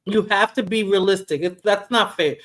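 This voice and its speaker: A woman's voice: mid-range voice, normal speed, fairly bright tone. Casual woman livestream host. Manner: chatty, laughing, conversational. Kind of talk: casual chat reacting to a clip.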